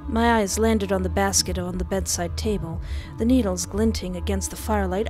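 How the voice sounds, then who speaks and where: A woman narrating a story game aloud, switching between dramatic reading and excited, tearful reactions. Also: mid-range voice, normal speed, soft background music. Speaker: gamer reading a visual novel aloud.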